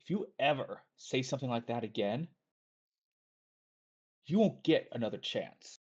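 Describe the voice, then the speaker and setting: A man's voice: medium pitch, lively intonation, measured pace, a little mellow, slightly rough. A man voicing Arvin, a guarded young male student with a curt, hesitant way of talking. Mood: menacing. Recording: dull lo-fi audio.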